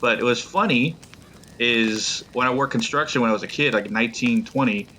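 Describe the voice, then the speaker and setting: Bright-voiced man in casual chat. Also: medium pitch, a little fast, a little hiss or hum. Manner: rambling, storytelling with restarts. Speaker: podcast guest.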